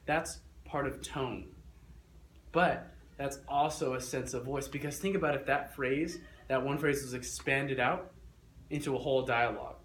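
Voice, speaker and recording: Young male teacher, mid-pitched, energetic and coaxing, echoey room. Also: normal speed. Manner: energetic, coaxing, repeats instructions. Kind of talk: classroom lesson. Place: classroom. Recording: echoey classroom with faint noise.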